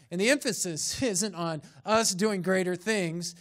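Pastor, male, fairly high voice, preaching with rhetorical questions and building emphasis. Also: moderate pace, few pauses. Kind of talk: sermon. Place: church sanctuary.

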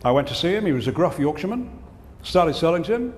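A man with a fairly high, darkish voice talks fast and very animatedly as he gives a comic business keynote, telling jokes and hitting punchlines. The conference hall is reverberant, with faint ambience.

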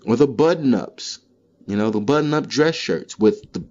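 A man hosting a solo comedy podcast, delivering a profane, animated monologue. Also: mid-range voice, normal speed, lo-fi sound. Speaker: podcast host. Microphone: solo podcast mic.

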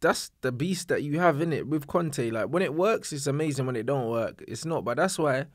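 A man's voice: mid-range voice, expressive, moderate pace, no room sound, clean studio sound. A man co-hosting a casual banter podcast, chatting in a laid-back way. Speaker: podcast co-host.

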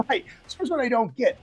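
A man with a high voice that swings up and down a lot co-hosts a casual podcast. He riffs in a jokey, sarcastic way and plays out scenes as he retells them. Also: big pitch swings, normal speed, a little mellow, breathy edge. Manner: jokey, sarcastic, acts out quotes. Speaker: co-host.

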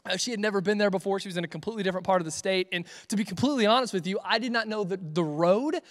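Young man preaching to students, high voice, rambling jokes, long hall reverb. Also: very fast, a bit bright. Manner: joking, rambling, self-correcting. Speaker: youth pastor. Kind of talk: livestreamed youth sermon.

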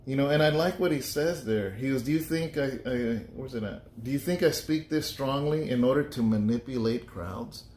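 A male pastor talks through scripture in a loose, conversational way, joking and circling back to his point. His mid-pitched voice rings around an echoey room. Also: normal speed, few pauses, a little mellow, a little hiss or hum. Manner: chatty and joking, thinks aloud with restarts. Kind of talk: casual Bible study talk.

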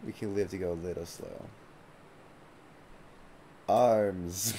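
Male game streamer, low and warm-toned, chatty and profane, light hiss underneath. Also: fairly even intonation, takes it slowly, pauses often. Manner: loose and chatty, swears freely, leans on "like". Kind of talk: casual live gameplay commentary.

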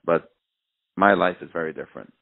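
A grieving middle-aged man speaks in a very low voice, hesitant and soft, often restarting as he searches for words. His voice seems close to breaking. The sound comes through a thin, tinny line like an old telephone. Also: brisk, creaky. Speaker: bereaved father, interview guest. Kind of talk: emotional personal testimony. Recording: narrow phone-like line.

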